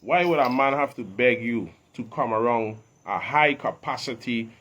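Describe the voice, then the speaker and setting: A man's voice: mid-range voice, expressive, moderate pace, fairly bright tone. A man who talks with emphatic street swagger in a laid-back interview. His voice sits in an ordinary middle range for a man. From Virgin Islands. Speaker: guest artist. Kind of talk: casual interview chat.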